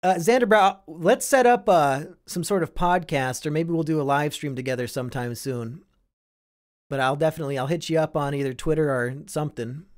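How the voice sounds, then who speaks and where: A man's voice: on the high side, fairly quick, darkish tone. A young man from Iowa hosting a casual live stream, reading and answering chat with sardonic, profane banter.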